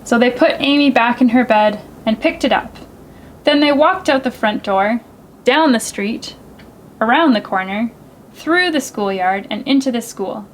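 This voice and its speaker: A woman librarian reading a picture book aloud to children in a gentle, expressive, sing-song way. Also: fairly high pitch, measured pace, slight background noise, poor audio. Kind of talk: storytime read-aloud for children.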